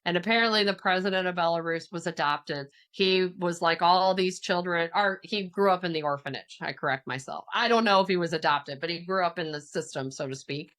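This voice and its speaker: A woman who is a counselor and author, a podcast guest telling a personal story with lively quoted voices. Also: lowish voice, brisk, hardly any pauses. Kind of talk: casual podcast conversation.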